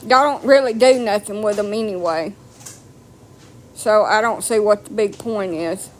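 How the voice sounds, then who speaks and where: A woman's voice: mid-range voice, a little slow. A woman delivering a blunt, profane, mocking rant to camera. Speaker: vlogger. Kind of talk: ranting monologue.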